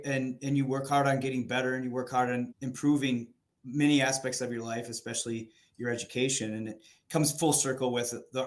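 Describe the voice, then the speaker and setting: Male interview host, measured and appreciative, medium pitch. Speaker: podcast host.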